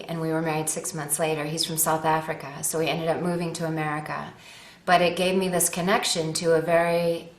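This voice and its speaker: A woman speaks to her viewers from home in an earnest, rambling way, poking fun at herself as she makes her appeal. Her voice sits a little low. The recording rings with a roomy echo. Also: a bit bright. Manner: earnest, rambling, self-deprecating. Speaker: actress and animal-rights advocate. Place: at home with her dog nearby.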